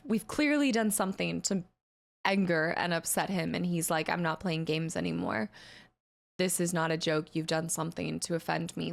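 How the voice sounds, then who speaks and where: A woman's voice: medium pitch, gravelly. A woman playing a video game and thinking aloud about its story in casual let's play commentary. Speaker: gamer streaming a playthrough.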